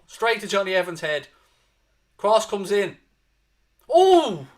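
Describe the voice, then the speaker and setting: Dublin guy hosting a footy watchalong, punchy bright voice, animated, swears a lot. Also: high-pitched, measured pace. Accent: Irish, Dublin. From Ireland. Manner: animated, swears freely, keeps urging positivity. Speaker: fan watchalong host. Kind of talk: live match commentary and chat.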